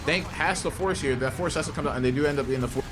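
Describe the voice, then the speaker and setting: A man casting a live esports match, excitable and joking, with lots of slang and repetition. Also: fairly high pitch, fast, background noise. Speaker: esports caster. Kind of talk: live play-by-play commentary.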